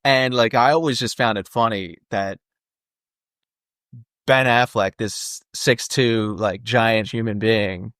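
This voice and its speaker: A man's voice: lowish voice, fairly even intonation, takes it slowly, a bit bright, clean tone, no echo, clean studio sound. A man co-hosting a podcast, chatting casually about a movie with lots of fillers and jokey asides. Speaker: podcast co-host. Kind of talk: casual movie-discussion chat.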